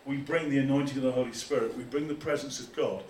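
A man preaching a lively sermon as pastor, acting out quoted voices as he goes. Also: mid-range voice, fast talker, slight background noise. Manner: animated, acts out quoted voices. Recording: echoey room from far off.

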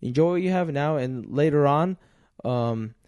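A man's voice: on the high side, animated, moderate pace, a little mellow, no room sound, muffled recording. A man telling a story on a casual podcast chat in an earnest, hesitant way.

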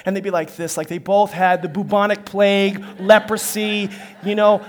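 A pastor preaching a sermon who tells stories with animated acted-out dialogue and frequent laughter. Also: male voice, sits high, fairly quick. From northern United States. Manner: animated storytelling, acts out dialogue, laughs often.

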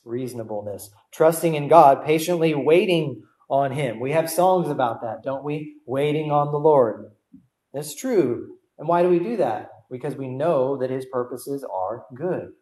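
A man's voice: medium pitch, a little mellow. Young guy preaching in a church, asks the crowd questions a lot, roomy echoey sound. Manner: asks the congregation rhetorical questions; repeats key words for emphasis. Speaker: guest preacher. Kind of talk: sermon.

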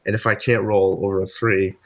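A man playing a tabletop game, animated and playful as he talks through his rolls. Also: on the low side, brisk. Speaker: player.

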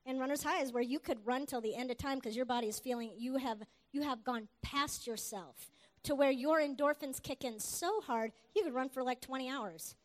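High-voiced woman preaching her testimony. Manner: earnest, animated, with quick asides and laughs. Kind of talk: sermon testimony.

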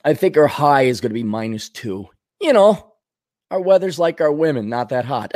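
A man hosting a podcast, rambling through a casual comedic monologue, going from low mutters to sudden outbursts. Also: expressive, moderate pace, darkish tone. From Minnesota. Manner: rambling, wisecracking, swings between mutters and outbursts. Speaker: podcast host.

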